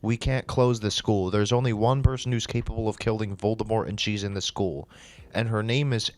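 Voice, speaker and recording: A man's voice: fairly low pitch, steady tone, fairly quick, dry recording, close to an everyday voice. A man reading as a grave old headmaster.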